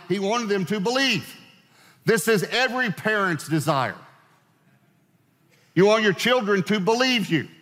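A man's voice: high-pitched, expressive, measured pace, fairly bright tone, in a large hall. A male pastor preaching a sermon in a conversational way, asking his congregation questions as he goes.

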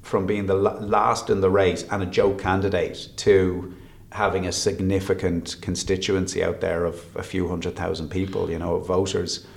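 A man's voice: sits low, level tone, moderate pace, gravelly. An Irish man chatting as a guest, rambling and often restarting his sentences. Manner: rambling, self-interrupting storyteller. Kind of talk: casual chat. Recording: roomy echo.

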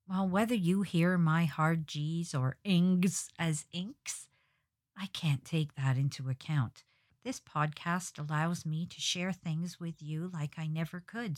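Low-voiced British woman musing wryly. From Britain. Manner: wry and reflective, read from a script. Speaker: podcast host. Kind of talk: solo podcast monologue.

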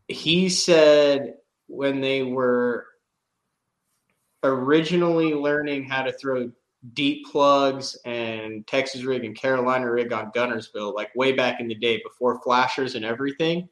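A man's voice: medium pitch, steady tone, unhurried, fairly bright tone. A man telling a fishing story in casual podcast chat, rambling with lots of "like" and laughing as he goes. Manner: rambling, many "like" fillers, laughs while telling. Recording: roomy echo.

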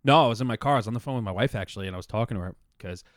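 A man co-hosting a casual podcast, blunt and profane, telling stories with animated energy. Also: fairly low pitch, very fast, no room sound, clean studio sound. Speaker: podcast co-host.

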